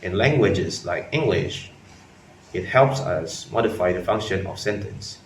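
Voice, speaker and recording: A man with a lowish voice walks through a linguistics topic in a steady, explanatory way. He sounds a little distant from the mic, in a roomy space. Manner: measured explanatory delivery. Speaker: student presenter. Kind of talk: class presentation. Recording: roomy, from a distance, faint noise.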